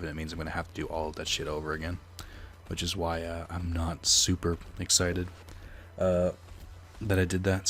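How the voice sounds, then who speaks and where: Low-voiced man rambling over gameplay. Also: fairly bright tone, slight background noise. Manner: rambling with fillers and swearing. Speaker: let's player. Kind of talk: casual gameplay commentary.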